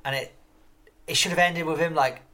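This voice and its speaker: A man's voice: on the high side, fairly even intonation, normal speed, pushed and bright. A man in a casual interview, telling rambling stories full of swearing and restarts. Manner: profane, rambling storyteller; swears constantly. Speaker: guest.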